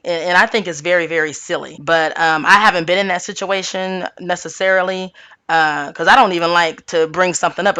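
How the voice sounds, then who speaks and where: A woman's voice: on the low side, bright, forceful tone, clean tone. A woman hosting her own channel, recapping reality-TV gossip in a sassy, chatty, informal way and tossing in "okay" again and again. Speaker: tarot channel host. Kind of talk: casual gossip recap monologue.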